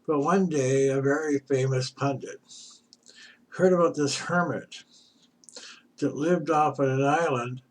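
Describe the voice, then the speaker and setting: Slow, halting man telling a teaching story. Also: mid-range voice. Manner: halting, repeats himself. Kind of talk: storytelling lesson. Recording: distant mic.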